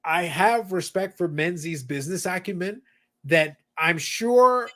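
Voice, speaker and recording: Hosting a hobby podcast, this man speaks in a high, fairly bright voice at a measured pace. The conversation is casual and chatty, full of fillers, and he pauses his thoughts to read viewer comments out loud.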